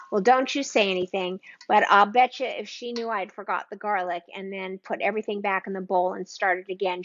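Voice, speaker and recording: Here a woman with a medium-pitched voice hosts a home-kitchen cooking stream, addressing viewers by name in an excited, exclamatory way. The audio is muffled with a noisy background.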